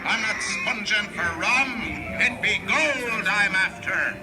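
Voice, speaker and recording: An actor playing a gruff male pirate on a ride soundtrack, boasting and bellowing crudely. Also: sits high, slow pace. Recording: ride audio over loud music.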